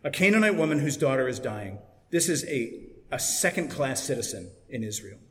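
A man's voice: mid-range voice, very animated, normal speed, a bit bright. A man preaching a sermon in a conversational, explanatory way. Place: church. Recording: echoey church with long reverb.

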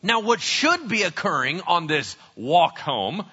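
A man's voice: fairly high pitch, sing-song, a little slow, pushed and bright, slightly rough, highs cut off. A man preaching a sermon, telling the story with humor and acting out the characters' voices. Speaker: pastor.

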